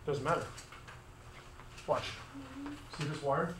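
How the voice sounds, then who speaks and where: A man teaching physics to a class, brisk and conversational, with joking asides. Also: a little high, background noise. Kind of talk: classroom review lesson.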